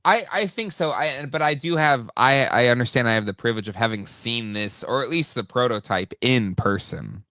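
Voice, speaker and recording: A man's voice: medium pitch, expressive, moderate pace, few pauses, bright, forceful tone, no echo, clean studio sound. A man hosting a casual podcast, talking toys with enthusiasm and lots of restarts. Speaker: podcast host. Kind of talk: casual chat.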